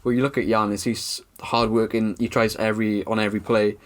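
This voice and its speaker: A man's voice: on the low side, little pitch movement, fairly quick. Guy on a podcast, teasing, chatty, laughs a lot. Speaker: podcast co-host. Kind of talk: casual sports chat.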